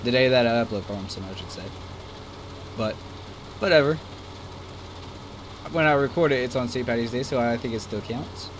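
A man's voice: mid-range voice, normal speed, long pauses. Casual male gaming host, chatty and rambling, jokes at himself, faint tractor game hum under the voice. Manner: rambling, self-deprecating, chatty. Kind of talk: casual gameplay commentary. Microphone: desk microphone. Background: farm game engine sounds.

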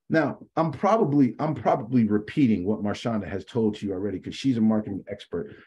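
A man's voice: mid-range voice, mellow, husky. A man teaching as a guest sales coach on a coaching call, talking conversationally and acting out sample dialogues, often adding "man".

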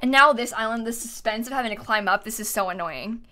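A woman's voice: on the high side, fast, sharp tone. A young woman streaming live, chatting casually, giggling often and reading her chat aloud with plenty of fillers.

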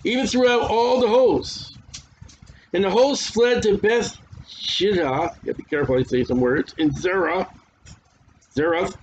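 A man's voice: sits high, expressive, moderate pace, a little mellow, a little hiss or hum. A man preaching a sermon and reading scripture aloud, talking casually and stumbling over hard names, his voice worn. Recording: dull lo-fi recording.

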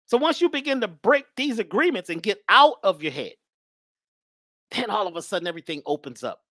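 A woman's voice: medium pitch, sing-song, fairly quick, a bit bright, dry recording, clean studio sound. A woman giving an emphatic spiritual talk in a preachy manner, often repeating her phrases. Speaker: spiritual speaker.

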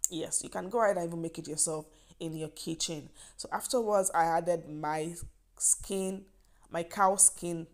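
Speaking a little slowly in a lowish voice, a Nigerian-accented cooking vlogger takes viewers through a recipe. Her style is chatty and encouraging, with frequent "yes" and "trust me" to underline her points.

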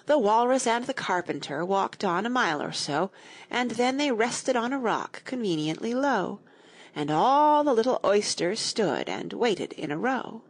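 A woman narrating a children's audiobook, reading rhymed verse in an expressive, rhythmic way. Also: fairly high pitch, measured pace.

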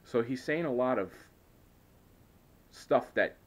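A man's voice: medium pitch, animated, slow pace. A man telling a rambling, hesitant story in a casual vlog, often frustrated and full of restarts. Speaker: vlogger.

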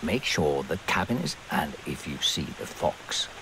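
A man voicing a disembodied guide in a video game who quizzes and directs a little girl in a gentle, teasing manner. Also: rumbling low, very animated, a little slow, creaky, very noisy, exaggerated voice. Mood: guiding. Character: disembodied male guide voice, smooth and sly. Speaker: narrator voice in a game. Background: game music.

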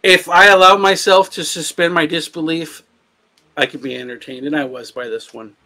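A man co-hosting a casual movie podcast, talking in an animated, profane way. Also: fairly high pitch, normal speed. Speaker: podcast co-host.

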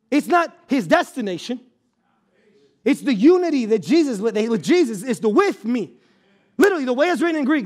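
Preaching an impassioned sermon as a pastor, a man speaks at an extremely high pitch. He often shouts for emphasis and repeats words as he restarts phrases.

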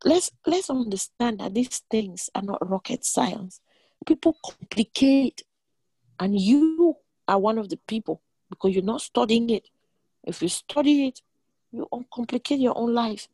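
A woman leading an online prayer meeting, preaching in a motherly, animated way and laughing often. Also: on the high side, unhurried, breathy edge, dry recording. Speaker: prayer leader.

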